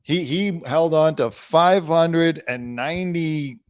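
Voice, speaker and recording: Hosting an entertainment news show, a man with a smooth, slightly high voice reads headlines aloud slowly, then breaks off into sarcastic, rambling riffs in casual commentary. The studio sound is clean with no room sound.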